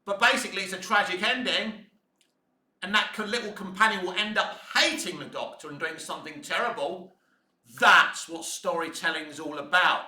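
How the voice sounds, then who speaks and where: A man delivering a profane, ranting video commentary, swinging between low muttering and shouting. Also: moderate pace, echoey room. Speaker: fan commentator.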